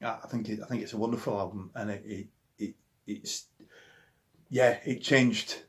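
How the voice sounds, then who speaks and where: In a lowish, steady voice at a moderate pace, a Yorkshire man in his forties, appearing as a musician guest, talks casually about records that shaped him. He is enthusiastic but rambling, with many restarts.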